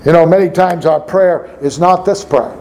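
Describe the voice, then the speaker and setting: A man's voice: on the high side, moderate pace, darkish tone, rough recording. A man pastor preaching a sermon, reading scripture aloud and asking the congregation rhetorical questions.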